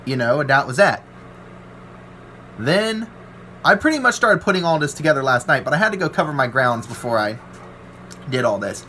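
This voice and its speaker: A man's voice: medium pitch, animated, normal speed, long pauses, pushed and bright, slight background noise. A man, a welder ranting to his channel about trolls, rambling and aggrieved and acting out what other people said. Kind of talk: ranting to camera.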